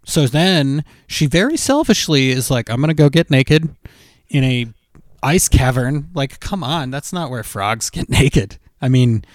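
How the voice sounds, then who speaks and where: A man's voice: medium pitch, lively intonation, a little slow, no echo, clean studio sound. Man riffing jokily in casual chat. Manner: jokey, acts out silly voices. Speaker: podcast co-host.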